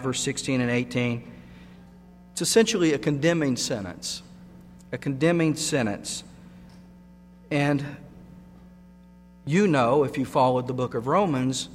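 A man's voice: mid-range voice, unhurried, long pauses. A man preaching a sermon, emphatic and repeating key words for stress. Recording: long hall reverb with mains hum.

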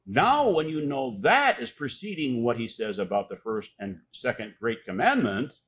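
A man preaching a sermon, reading scripture aloud and pressing key words with loud, emphatic stress. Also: mid-range voice. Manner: reads scripture aloud with pauses.

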